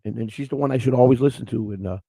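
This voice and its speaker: Man, live show host, gravelly voice, dry close sound, rambling, emotional, stumbles over words. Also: medium pitch, very fast, mellow, no room sound. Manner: rambling, repeats words, gets choked up. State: emotional, near tears. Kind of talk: emotional live-stream chat.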